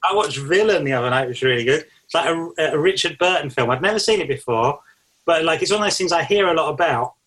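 A man co-hosting a podcast, talking in a relaxed, reflective way with many fillers. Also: on the high side, fast. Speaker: podcast co-host. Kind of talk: casual chat.

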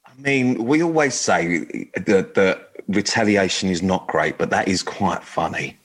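A man's voice: deep voice, unhurried. Rambling, jokey man hosting a radio show. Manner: rambling, jokey, laughs often. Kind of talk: casual radio chat.

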